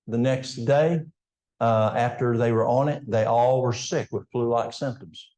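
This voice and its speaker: A man's voice: medium pitch, unhurried, dark tone, reverberant. An older man with an East Tennessee Appalachian accent, giving a folksy health seminar talk in a church and addressing the audience directly. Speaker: health educator.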